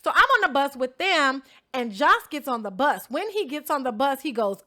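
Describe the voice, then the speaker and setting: A woman's voice: high voice, very animated, normal speed, sharp tone. A young woman vlogging, telling a story in a sassy, blunt, profane way and talking straight to her viewers. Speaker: vlogger recapping a reality show she competed on. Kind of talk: animated storytelling vlog.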